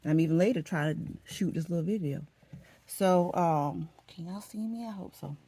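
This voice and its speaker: A woman vlogger chatting casually as she gets ready for work at home, telling a story in an animated, dramatic way with laughs. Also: lowish voice, moderate pace, slightly rough, no echo.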